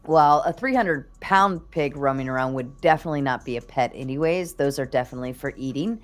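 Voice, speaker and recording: A woman's voice: rumbling low, brisk, faint music behind. A woman hosting a live stream in casual chat, laughing often and swearing freely as she tells stories. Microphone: streaming setup.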